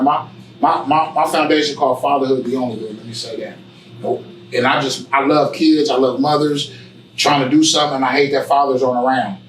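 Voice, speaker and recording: Sitting as an interview guest in an indoor barbershop, a man tells a casual, rambling story full of repetition, profanity, and "you know what I'm saying." His mid-range voice is fairly bright, picked up by a distant mic in an echoey room with slight background noise.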